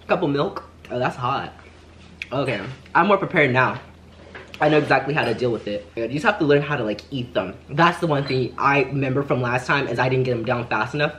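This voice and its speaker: An excitable young man talks through a seafood eating vlog in a chatty, eager way. His voice sits at a middle pitch. Music plays steadily beneath him. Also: normal speed. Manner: excitable, chatty, loud exclamations at spicy food. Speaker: vlogger. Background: background music.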